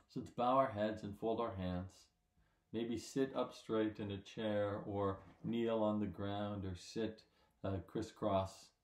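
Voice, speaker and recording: A man, a pastor, giving a children's sermon in gentle, simple words, checking in with his listeners. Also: on the low side, reverberant.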